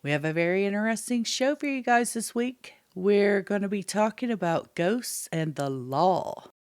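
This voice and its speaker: A woman's voice: mid-range voice, animated, moderate pace, clear, resonant tone, no room sound. A woman co-hosting a podcast, chatting with dry, teasing humour. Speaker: podcast co-host. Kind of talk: casual chat.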